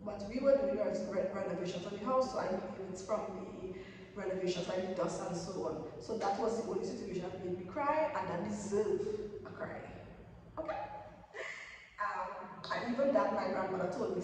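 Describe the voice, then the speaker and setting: A woman's voice: medium pitch, fairly quick, slight background noise. A young woman giving casual motivational advice in an emphatic way, often repeating her points. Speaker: vlogger giving new-year tips. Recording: echoey room, voice from far off.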